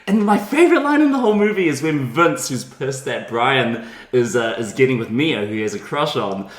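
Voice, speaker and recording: A woman's voice: a bass voice, very animated, fairly quick. A woman co-hosting a film podcast, eagerly recounting plot twists in a casual chat. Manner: enthusiastic plot recounting, acts out quotes. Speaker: podcast co-host. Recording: echoey room.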